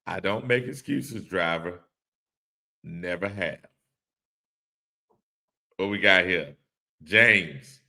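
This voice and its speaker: A man with a very low voice talks slowly and easily through a live-stream podcast. He reads viewers' comments aloud, chuckles along with them and keeps a relaxed, friendly chatter going. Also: gravelly. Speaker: podcast host reading live chat. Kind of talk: casual live-stream chat.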